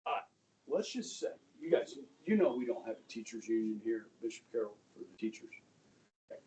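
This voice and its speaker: A middle-aged male high school history teacher telling a story to his class, checking in with "okay?" and acting out the people in it. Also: big pitch swings, brisk, a little mellow. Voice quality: conversational, acts out quoted voices, asks "okay?" often. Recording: distant mic in a classroom, faint room noise.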